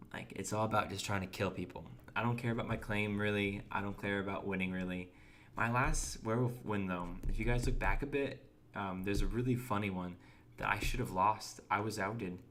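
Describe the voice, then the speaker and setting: A young man talks through a game stream in a relaxed, chatty way, greeting viewers and restarting his words as he goes. His voice sits on the low side, and a faint hum of room noise runs under it. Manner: chatty, reads and answers chat, restarts words. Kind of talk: casual gameplay commentary.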